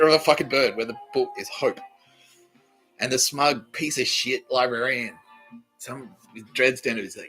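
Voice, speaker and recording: A man's voice: mid-range voice, moderate pace, pauses often, bright, forceful tone, faint music behind, rough recording. A man, hosting a comedy podcast and telling a crude, profane story, often laughing at his own jokes and mimicking others. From Australia. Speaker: podcast host.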